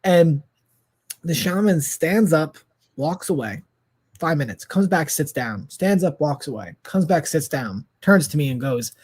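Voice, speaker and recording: Husky-voiced man in his thirties telling a story. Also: fairly high pitch, a little slow. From United States. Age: 30s. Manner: lively, laughs often, swears freely. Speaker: podcast guest. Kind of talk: animated storytelling in casual chat.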